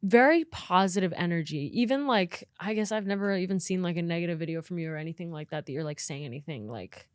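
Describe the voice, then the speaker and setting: A woman's voice: on the low side, expressive, quick pace, few pauses, no echo. Upbeat young woman, dry close sound. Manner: upbeat, encouraging, many "yeah"s. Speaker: podcast guest. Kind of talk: casual chat.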